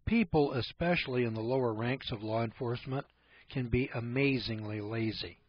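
A man talks through an informal lecture in a folksy, wandering way, throwing out rhetorical questions as he goes. His voice is husky, at a middling pitch, and comes through a dull, lo-fi recording. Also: normal speed, dry recording. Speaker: speaker on privacy.

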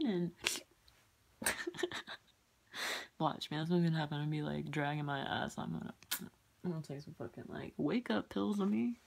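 A woman's voice: low-pitched, moderate pace, gravelly, pauses often, darkish tone. A young woman vlogging casually late at night, rambling, giggling and swearing, often dropping into whispers.

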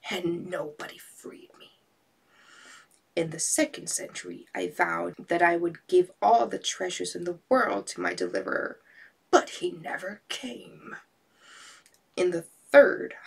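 A woman's voice: lowish voice, vocal fry, husky, heavily acted. A woman voicing a haughty, vengeful giant male genie in a storybook reading, speaking in a menacing half-whisper.

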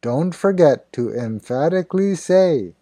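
Slow, deliberate man with a dark voice. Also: fairly high pitch, animated, dry recording. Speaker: idiom teacher. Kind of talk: scripted narration.

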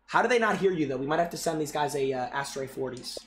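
A man's voice: on the high side, animated, fast talker, slight background noise. A young man streaming and coaching viewers' game clips, brash and profane, often repeating himself in exasperated outbursts. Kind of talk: live-stream game commentary. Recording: roomy echo with loud music behind.

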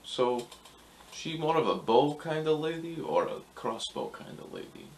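A man's voice: fairly high pitch, sing-song, measured pace, vocal fry, slight background noise. A young man playing a tabletop game, chatting casually and earnestly with stammering restarts. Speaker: player.

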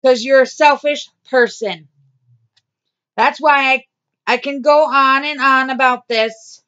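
Woman, vlogger, blunt and repetitive, higher voice, slow delivery. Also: fairly even intonation, pushed and bright, clean tone, lo-fi sound. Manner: blunt, swearing, repeats herself. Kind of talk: angry diary vlog rant.

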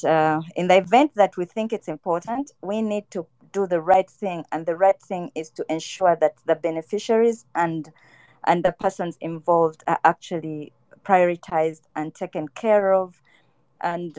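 A woman's voice: on the low side, a little mellow, dry recording. A woman panelist with a Ugandan English accent speaking passionately and pleadingly in a discussion. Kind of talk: discussion contribution.

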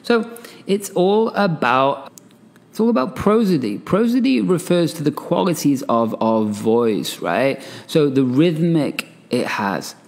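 Brief: a male podcast host with a higher-pitched voice, animated and conversational, in a room with long reverb. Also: a little slow, vocal fry. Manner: animated, chatty, laughs often, asides with "right?". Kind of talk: solo podcast talk, reading an article aloud.

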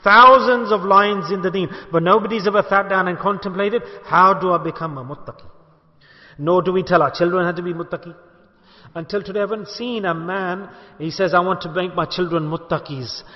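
A man's voice: high-pitched, a little fast. A man, a sheikh, preaching a sermon to a gathering in an emphatic way, asking rhetorical questions and calling for responses. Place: mosque gathering hall in Bolton. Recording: echoey hall, dull lo-fi sound.

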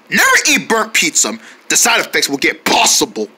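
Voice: mid-range voice, wildly swooping pitch, normal speed, pushed and bright, husky. A performer narrating a homemade cartoon, playful and jumping between voices. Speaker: cartoon creator and voice of all characters.

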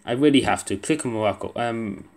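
This gaming video creator, a young man, mutters and quietly swears as he plays, offering offhand commentary. He speaks a little fast in a fairly low, darkish voice.

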